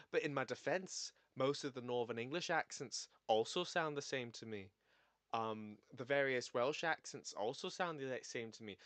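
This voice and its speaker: A man's voice: mid-range voice, fairly bright tone, dry recording. A young man chatting casually on a stream while editing video. He rambles, cuts himself off, and swears now and then.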